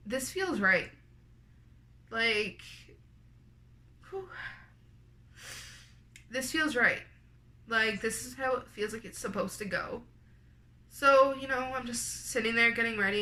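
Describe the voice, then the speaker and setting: A woman's voice: mid-range voice, pushed and bright. A young woman from Canada, a vlogger, chatting to camera as she tells a personal story, full of "like" and acted-out dialogue. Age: young adult. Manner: chatty, lots of "like", quoted dialogue.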